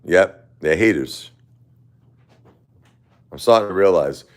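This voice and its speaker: A man's voice: low-pitched, expressive, takes it slowly. Grieving man rambling on a livestream. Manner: repetitive, emotional, repeats phrases, chuckles between lines. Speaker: livestream host.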